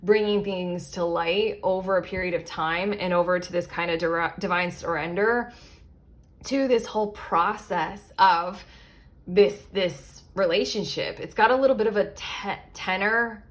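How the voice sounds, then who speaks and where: A tarot reader with a fairly low voice and measured pace offers her viewers a casual pick-a-card reading. She rambles, interrupts and corrects herself, and drops frequent fillers and asides.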